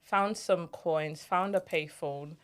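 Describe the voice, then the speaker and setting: Woman telling stories, lower voice. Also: takes it slowly. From Jamaica. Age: 40s. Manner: animated storyteller, laughs easily. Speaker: podcast host. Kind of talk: casual storytelling chat.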